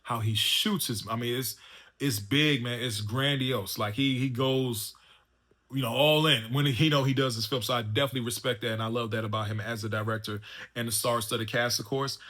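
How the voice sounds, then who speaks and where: A man's voice: mid-range voice, fairly even intonation, moderate pace, sharp tone. A man hosting a casual spoken movie review, talking loosely with lots of fillers and restarts. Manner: loose and chatty, full of fillers and restarts like "man" and "you know what I'm saying". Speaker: movie reviewer and channel host.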